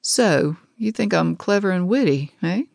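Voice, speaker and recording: A woman's voice: on the low side, expressive, unhurried, creaky, a little mellow, no room sound. A woman voicing a blunt, teasing young man who drawls his dry remarks.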